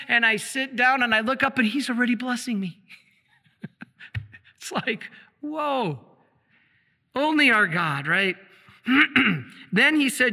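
A man preaching a sermon as a priest, asking the congregation questions and answering them himself, slowing and dropping low for emphasis. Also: pushed and bright. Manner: slows down and drops low for emphasis. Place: church. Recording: long echo of a church hall.

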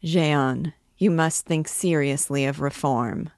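A woman voicing a stern, gloomy middle-aged archdeacon who speaks gravely and admonishes. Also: deep voice, slow, a little mellow, no echo, studio quality. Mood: warning.

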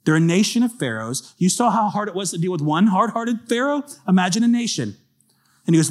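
A man's voice: sits high, animated, brisk. A man preaching a conversational sermon, emphatic and speaking directly to his congregation. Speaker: pastor.

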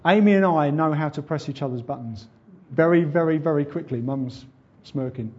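A man's voice: a little high, moderate pace, darkish tone, lo-fi sound, a little hiss or hum. A man preaching a sermon in an earnest, conversational way. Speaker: pastor.

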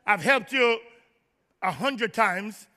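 A man preaches to his congregation in a very high, piercingly bright voice. He teases the crowd with humor and builds to shouted lines. A long reverb trails every word in the church hall. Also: lively intonation, takes it slowly. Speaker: pastor. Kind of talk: sermon. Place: large church.

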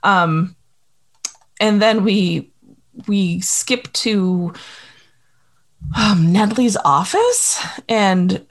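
A woman's voice: mid-range voice, drawn-out words, long pauses. A woman co-hosting a casual chat, recapping with lots of laughter and playful acted-out lines. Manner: animated, laughs often, acts out characters' lines. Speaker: podcast co-host recapping a TV episode.

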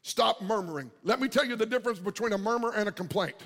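A man preaching a lively sermon in a high, husky voice. He swings from shouted peaks down to near-whispered asides. A long reverb trails behind him, as in a large church hall. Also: quick pace. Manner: dynamic, swings from loud shouting to quiet murmurs. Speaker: pastor.

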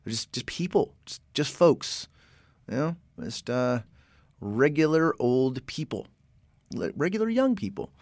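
A man's voice: mid-range voice, very animated, unhurried, darkish tone, no echo. A man from Oklahoma hosting a casual word-history explainer, chatty and digressive, often restarting and correcting himself. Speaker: podcast host.

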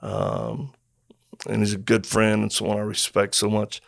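A man's voice: on the low side, a little slow, creaky, dry recording, studio quality. A middle-aged man and former Marine telling stories in casual conversation, acting out quotes and sound effects as he goes. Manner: animated storyteller, acts out quotes and sound effects.

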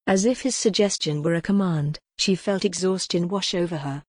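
A woman narrating a gothic novel in a steady, measured audiobook reading. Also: on the low side, breathy edge, no echo, clean studio sound.

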